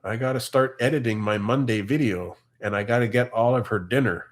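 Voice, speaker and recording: A man's voice: mid-range voice, brisk. Casting note: Canadian man in his fifties, livestream host, chatty and rambling, mid-range voice. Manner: chatty, reads viewer comments aloud and riffs on them. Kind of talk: casual livestream chat.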